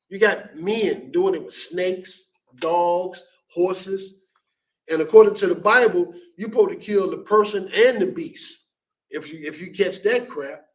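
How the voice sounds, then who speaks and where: A man's voice: high voice, recorded from a distance, poor audio. A man teaching a Bible class in an emphatic, blunt and repetitive preaching style, often ending lines with "man".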